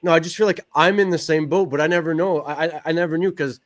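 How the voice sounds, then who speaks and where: A man's voice: a little high, fairly even intonation, quick pace. A man hosting a podcast interview, asking thoughtful and personal questions. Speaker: podcast host.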